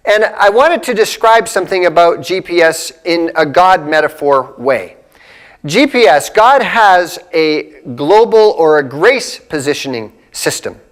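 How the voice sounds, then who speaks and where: Earnest high-voiced man giving a devotional. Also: animated, unhurried, a bit bright. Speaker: ministry leader. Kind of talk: short devotional talk.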